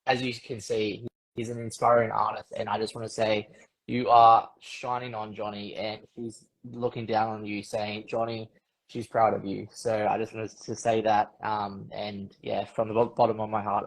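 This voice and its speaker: A man's voice: on the low side, flat delivery, moderate pace, creaky, rough recording. A man hosting a casual interview, earnest and effusive, repeating himself as he speaks. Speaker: interview host.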